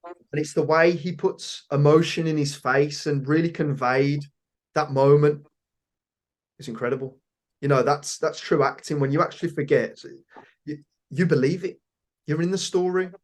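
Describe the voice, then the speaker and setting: A man's voice: on the high side, fairly even intonation, normal speed. A British man hosting a podcast interview, talking with enthusiasm and repeating phrases for emphasis. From Britain. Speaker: podcast host. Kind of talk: casual interview chat.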